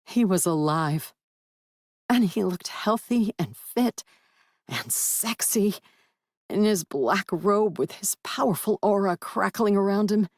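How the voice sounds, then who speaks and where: A woman narrating a first-person urban fantasy audiobook with wry, lively storytelling. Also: medium pitch, slow pace, no echo, clean studio sound.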